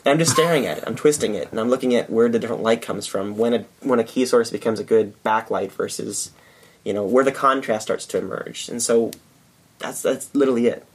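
A man with a Midwestern accent, a podcast guest explaining lighting in a relaxed, swear-prone chat. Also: mid-range voice, brisk, slight background noise. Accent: Midwestern American. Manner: relaxed, swears freely, laughs often.

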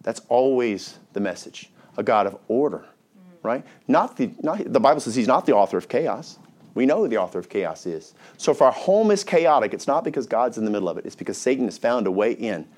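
A man's voice: mid-range voice, big pitch swings, fairly quick, a little mellow. A male pastor delivering a sermon in a church, full of rhetorical questions and call-and-response with the congregation.

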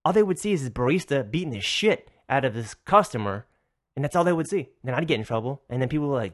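A young man hosting a podcast, telling a story in a loose, animated way and swearing a lot. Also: medium pitch, quick pace. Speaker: podcast host. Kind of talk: casual storytelling.

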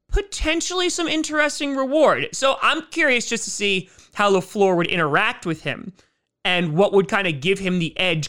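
A man's voice: high-pitched, pushed and bright, smooth. A man hosting casual fan commentary on football, chatty and opinionated. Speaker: sports commentary host.

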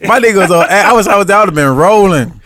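A man in casual chat who chimes in with quick reactions and laughs. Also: high voice, lively intonation, crowd noise.

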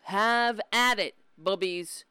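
A woman hosts a live political commentary stream, sounding exasperated, mocking, and animated while swearing often. Her mid-range voice is clear and resonant, she speaks at a slow pace, and the recording has a dry, clean studio sound.

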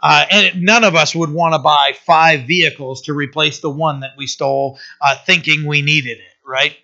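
A man's voice: fairly high pitch, fairly even intonation, normal speed, sharp tone. A man teaching a Bible passage in a casual, conversational way, often checking in with "right?". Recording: dull lo-fi sermon recording.

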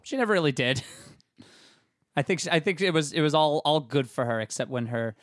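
A man's voice: a little high, no echo, clean studio sound. Rambling joking male podcast co-host. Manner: rambling, joking, quick to laugh. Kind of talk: casual chat.

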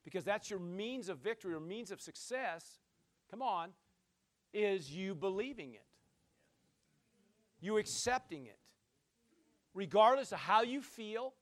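A man preaching a sermon in a folksy, conversational way, calling to his listeners and swinging from shouts down to quiet asides. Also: expressive, measured pace, pauses often. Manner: emphatic call-and-response preaching, shouting at peaks, then dropping low.

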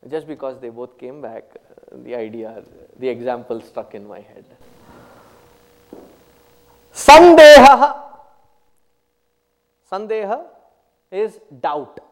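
A man giving a spiritual talk, telling stories and explaining terms one by one in an unhurried way. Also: mid-range voice, animated, a little mellow, big-room sound. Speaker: spiritual teacher. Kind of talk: spiritual discourse with anecdotes.

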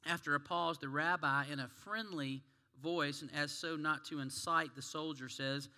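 Pushed and bright, on the high side, and at a moderate pace, the pastor's voice carries through a church sanctuary with long reverb. He preaches through stories and questions aimed at the congregation.

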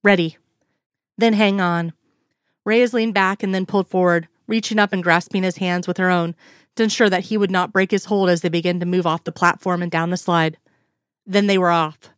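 A woman narrating a piece of fiction in a steady, even storytelling manner. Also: fairly low pitch, fairly quick, clean tone, no echo, studio quality.

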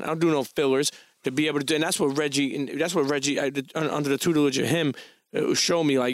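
A man's voice: fairly high pitch, fairly even intonation, fast talker, dry recording. A man hosting a podcast interview, talking loosely and casually with slang and frequent restarts. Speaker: podcast host.

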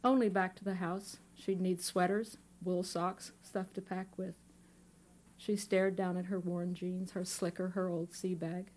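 A woman author reading her own fiction aloud into a microphone at a bookstore event, in a measured, unhurried way. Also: lowish voice, little pitch movement, darkish tone. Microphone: microphone on a stand.

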